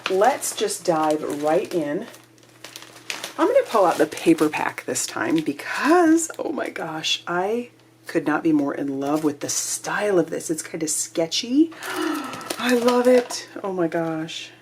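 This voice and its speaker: A woman hosting a craft kit unboxing, gushing and excitable, sometimes dropping to a breathy whisper. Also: lowish voice, unhurried, slight background noise. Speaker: crafting channel host. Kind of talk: casual unboxing chat.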